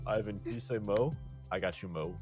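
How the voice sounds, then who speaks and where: A man's voice: on the low side, a little fast, over loud music. A young man chatting casually on a game stream and reading narration, laid-back and cursing now and then.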